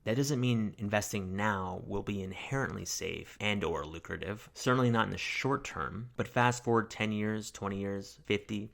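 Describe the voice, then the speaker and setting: A man's voice: on the low side, normal speed, gravelly, hardly any pauses, a bit bright. A young man hosting his own finance channel, talking in a wry, self-mocking way with jokey asides. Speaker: finance YouTuber. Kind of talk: casual scripted monologue.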